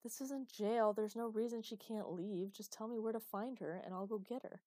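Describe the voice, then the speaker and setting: A woman's voice: medium pitch, fairly even intonation, moderate pace, dark tone, no echo, studio quality, voice pushed up, close to an everyday voice. A woman voicing a protective father who talks urgently and insistently. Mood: insistent, angry. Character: protective father, worried then furious.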